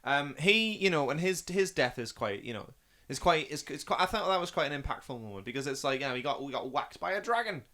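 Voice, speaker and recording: A man's voice: on the high side, big pitch swings, fast, few pauses, pushed and bright. A man in a casual podcast chat, talking about a film with rambling, enthusiastic gushing. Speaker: film review podcast guest watching for the first time.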